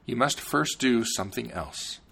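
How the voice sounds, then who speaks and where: A man's voice: mid-range voice, expressive, unhurried, gravelly, pushed and bright, husky, voice pushed up, exaggerated voice. A man reading a stern, demanding king. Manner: stern, commanding. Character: demanding fairy-tale king setting impossible tasks.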